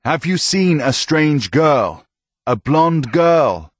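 A man's voice: fairly high pitch, very animated, slow, no room sound, pitched above the performer's own voice. A man voicing an earnest young knight who swears his innocence emphatically.

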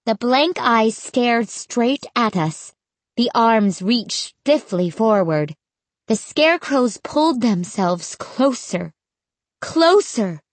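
Slow, suspenseful woman narrator. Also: fairly high pitch, lively intonation, no room sound. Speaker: audiobook narrator. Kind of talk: first-person storybook narration.

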